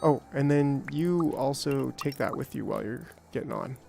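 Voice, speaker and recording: A man giving casual, rambling let's-play commentary, talking to himself and joking, with bursts of excitement. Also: medium pitch, normal speed, creaky, soft background music. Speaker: gameplay streamer.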